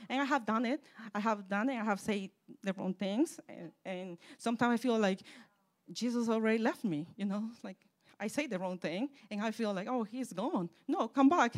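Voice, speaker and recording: A woman preaching and telling a personal testimony, fervent, dropping soft and then rising loud. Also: mid-range voice, moderate pace. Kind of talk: sermon testimony.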